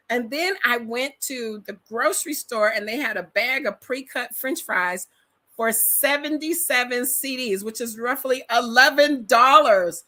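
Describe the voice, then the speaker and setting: A bright, forward voice from a middle-aged Detroit woman with an African American accent. She vlogs in a loose, emphatic, storytelling way, slangy and full of personality. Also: a little high, moderate pace. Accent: African American Vernacular English, Detroit. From metropolitan Detroit, USA. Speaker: vlogger. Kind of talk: casual reaction chat to camera.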